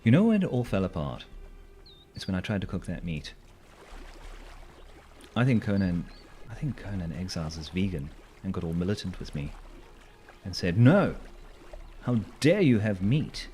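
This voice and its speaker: A hoarse man chatting casually while streaming a game, playful and rambling, with silly sing-song asides. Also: low voice, animated, normal speed, pauses often, mellow, a little hiss or hum.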